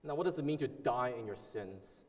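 A male pastor delivering a sermon in an earnest, emphatic way, leaning on repeated words and now and then restarting a phrase. His voice sits at an ordinary middle pitch for a man. It carries a long reverberant tail, as if recorded in a large hall. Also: expressive, fairly quick, darkish tone.

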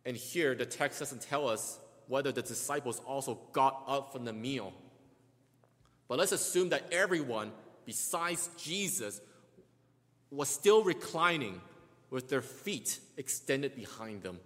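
A man delivers a sermon and walks through scripture step by step, often restarting his words and voicing the quoted lines. His voice sits at a middle pitch. Long reverb from the hall trails every phrase. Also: animated, measured pace, fairly bright tone. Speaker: preacher.

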